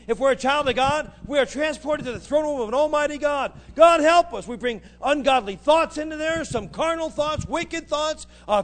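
Pastor, man, high-pitched, fiery call-and-response preaching style. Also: fairly bright tone. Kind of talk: sermon.

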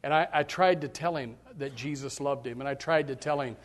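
A middle-aged man preaching a sermon as pastor, fervent and emphatic, his voice surging loud on key points. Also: medium pitch, a little fast, long reverb tail.

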